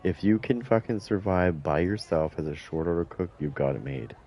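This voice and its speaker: A man's voice: deep voice, expressive, normal speed, mellow. A man telling boastful, profane stories in a casual chat while streaming a game, acting out what people said. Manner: swears a lot, boastful, acts out quotes. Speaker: gaming streamer.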